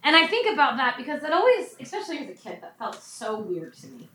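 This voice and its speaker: A woman preaching a conversational sermon, often checking in with her listeners with a quick "right?". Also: sits high, very animated, a bit bright. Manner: conversational, frequent "right?" asides. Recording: echoey room, mic at a distance.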